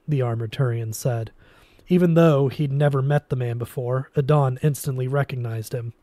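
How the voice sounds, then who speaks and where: A man reading a novel aloud in a steady storytelling manner, with occasional restarts. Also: medium pitch, normal speed, no echo. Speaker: reader.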